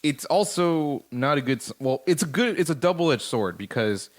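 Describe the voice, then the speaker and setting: A man's voice: fairly high pitch, expressive, moderate pace. A man co-hosting a casual podcast chat, rambling and swearing with many restarts. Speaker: podcast co-host.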